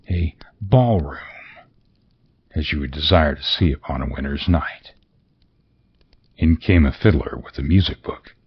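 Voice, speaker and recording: Male narrator, slow and very deep, dull lo-fi sound. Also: breathy edge. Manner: expressive, theatrical reading. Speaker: audiobook narrator. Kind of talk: scripted narration.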